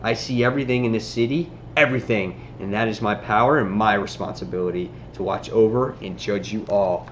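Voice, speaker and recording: A man voicing a cold, self-righteous vigilante superhero in a low, quiet, menacing delivery. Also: brisk, few pauses, dull audio, a little hiss or hum, lightly acted.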